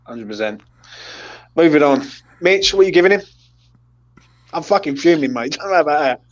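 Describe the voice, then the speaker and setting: A man's voice: on the high side, lively intonation, moderate pace, highs cut off. A man hosting a casual post-match chat, blunt and sweary as he leads the player ratings. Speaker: host of a football fan channel.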